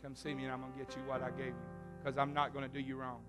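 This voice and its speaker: A man preaching at a youth camp service, loud, coaxing and teasing as he runs games with the crowd. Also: medium pitch, completely flat delivery, very fast, over music. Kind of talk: lively youth service sermon with audience games.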